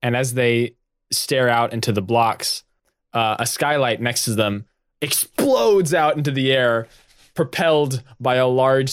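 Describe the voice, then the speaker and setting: A man narrating a tabletop role-play game in a quick, laughing manner. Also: medium pitch, clear, resonant tone, no room sound, clean studio sound. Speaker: game master.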